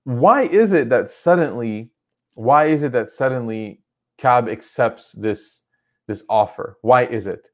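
A man's voice: mid-range voice, animated, measured pace. A man giving a religious lecture, retelling a story in a loose, conversational way full of "like" and "you know".

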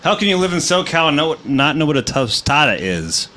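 A man's voice: a little high, very animated, brisk, sharp tone, a little hiss or hum. A man co-hosting a live internet show, talking in loose, profane, jokey banter. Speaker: podcast co-host.

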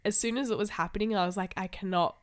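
A woman's voice: medium pitch, rapid-fire. A young Australian woman co-hosting a podcast, slightly nasal and run down from jet lag, telling a story in a chatty, giggly way. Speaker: podcast co-host. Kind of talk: casual chat.

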